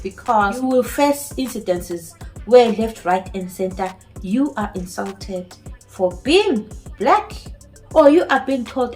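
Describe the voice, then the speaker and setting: A woman care home nurse with a non-native English accent speaks to camera in a personal vlog. Her voice sits a little high, and she talks earnestly and with emphasis, often repeating her key points. Faint music plays underneath. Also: darkish tone, poor audio.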